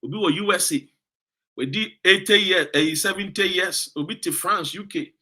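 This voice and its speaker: A man's voice: sits high, moderate pace, sharp tone. A Ghanaian man giving impassioned political commentary. He lectures and scolds his audience with rhetorical questions and reads out viewer comments.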